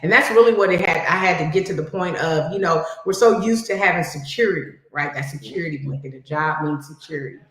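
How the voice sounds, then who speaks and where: A woman's voice: low-pitched, fast, few pauses. A woman talking as a podcast guest in casual chat, conversational and reflective, often saying "you know". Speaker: podcast guest, cybersecurity professional. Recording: very echoey room.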